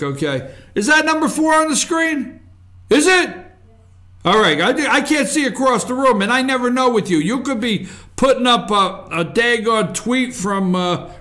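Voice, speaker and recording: A man's voice: extremely high pitch, a bit bright. A man hosting a political commentary show, ranting sarcastically and mocking people's voices.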